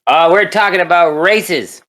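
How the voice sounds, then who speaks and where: A co-host on a casual tabletop gaming podcast, tossing in quick, joking interjections. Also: mid-range voice, a bit bright. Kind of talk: casual chat.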